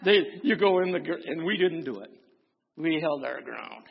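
Here a man from Wisconsin preaches in a fairly high voice that's creaky and breathy-edged, animated at a normal speed. As a pastor, he tells folksy, funny stories and drives his sermon with mounting force. The sound is lo-fi and dull, echoing with long hall reverb.

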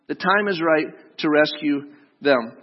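Chatty preacher guy, kinda high voice, big echoey hall. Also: a little slow. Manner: casual, joking, talks straight to the audience. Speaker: pastor. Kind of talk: sermon. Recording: dull lo-fi sound with long hall reverb.

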